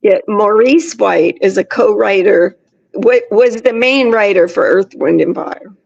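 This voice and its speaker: A woman's voice: mid-range voice, a little slow, vocal fry, a little mellow. A woman co-hosting a casual livestream chat, giving brief, easygoing replies. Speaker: co-host. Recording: dull lo-fi audio.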